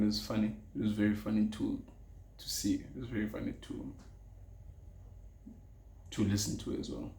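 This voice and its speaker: A man's voice: lowish voice, darkish tone. A young South African man hosting a casual solo podcast. He talks earnestly, repeats his key phrases and drops Zulu words into his English. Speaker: podcast host. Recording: echoey room with faint ambience.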